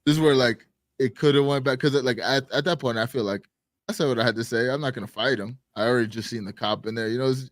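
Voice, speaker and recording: Male co-host, mid-pitch, lively raconteur who swears and shouts out quoted lines, dry studio sound. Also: quick pace, no room sound. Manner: animated, swears a lot, acts out quotes loudly. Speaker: podcast co-host. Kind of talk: casual storytelling chat.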